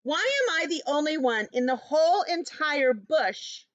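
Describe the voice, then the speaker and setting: A woman's voice: high voice, measured pace, dull audio. A woman voicing a grumpy male koala who is fed up with being called a bear, reading it aloud from a storybook in an indignant, complaining way.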